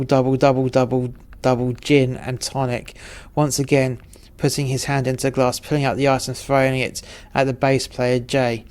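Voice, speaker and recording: A man narrating a story in a wry, profane, deadpan way. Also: mid-range voice.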